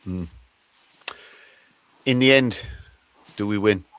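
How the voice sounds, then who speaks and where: A man's voice: fairly low pitch, takes it slowly, a bit bright, smooth. A man with an Irish accent, a guest in a podcast interview, talking in a reflective way and repeating words as he thinks. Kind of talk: conversational interview.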